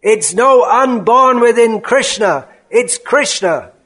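A man voicing an elderly male guru who is furious and scolds forcefully, rising to shouts. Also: very high voice, lively intonation, slow, slightly rough, voice pushed up, exaggerated voice.

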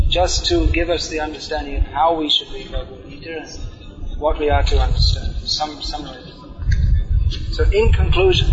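Man lecturing in a reverberant hall. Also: a little high. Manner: reads aloud and explains, chants Sanskrit verses slowly. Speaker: lecturer on scripture. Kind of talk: scripture class lecture. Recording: dull lo-fi sound, long hall reverb, music behind.

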